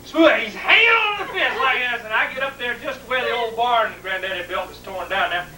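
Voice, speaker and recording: A middle-aged man with a drawl tells a family yarn in a colorful, folksy manner. His voice is bright and forceful. It sounds like a roomy home video, taken from a distance, with faint hiss. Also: extremely high pitch, animated, fairly quick. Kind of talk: animated family storytelling.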